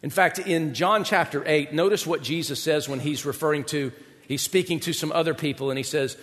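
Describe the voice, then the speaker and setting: A man with a notably high voice preaches a sermon, talking to the congregation in a chatty, conversational way and often asking rhetorical questions. His voice rings out with a long reverb, as in a large hall. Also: a little fast, fairly bright tone. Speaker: pastor.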